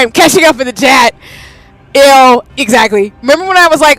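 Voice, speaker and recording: A woman in her thirties talks through a live game stream, her pitch leaping and dropping as she reacts. She bursts into loud exclamations, then settles back into chatting with her viewers. Faint game music runs under her voice. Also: animated, a little fast, no echo. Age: 30s.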